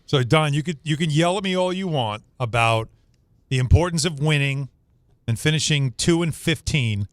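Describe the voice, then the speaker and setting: A man's voice: medium pitch, no echo. A man co-hosting sports radio, making wry, argumentative points. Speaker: radio co-host.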